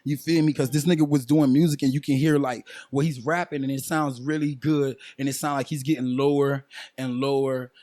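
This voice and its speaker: A man's voice: mid-range voice, fairly even intonation, brisk, dark tone, no echo, clean studio sound. A man in his twenties, a guest musician, talking casually and at length with slang and frequent check-ins like "you feel me" on a podcast. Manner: laid-back slang-heavy storytelling, frequent "you feel me".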